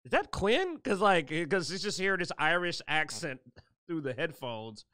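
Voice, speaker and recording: Bright, playful male co-host. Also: fairly high pitch, expressive, moderate pace, clean tone, no echo, clean studio sound. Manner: joking, playful interjections. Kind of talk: casual interview chat.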